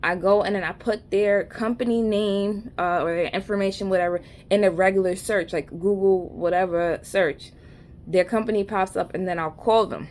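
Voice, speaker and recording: A woman's voice: medium pitch, fairly even intonation, moderate pace, darkish tone. A woman with a New York accent telling a rambling, slangy, joking story in a casual vlog. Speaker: vlogger.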